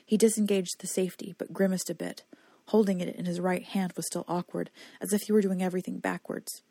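A woman reading a novel aloud as audiobook narrator in steady storytelling. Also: on the low side, fairly quick, gravelly, slightly rough, dry recording. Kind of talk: scripted narration.

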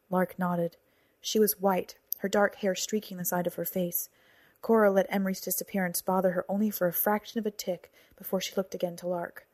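A woman's voice: on the low side, level tone, moderate pace, darkish tone, dry recording. A woman narrating a novel aloud, whispering and raising her voice for the characters' lines. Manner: acts out dialogue with whispers and raised voices. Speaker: audiobook narrator. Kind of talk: scripted narration.

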